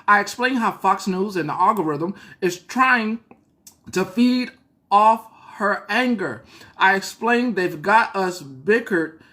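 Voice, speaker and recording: A woman's voice: medium pitch, lively intonation, takes it slowly, fairly bright tone. A woman hosting a show, reading a story aloud and breaking off for blunt, profane asides. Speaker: host.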